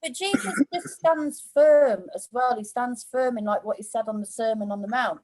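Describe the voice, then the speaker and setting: A woman's voice: fairly high pitch, moderate pace, a little mellow, no room sound, rough recording. A woman talking about a Bible passage in a casual discussion, earnest and reflective, with many "you know"s. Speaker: church discussion partner.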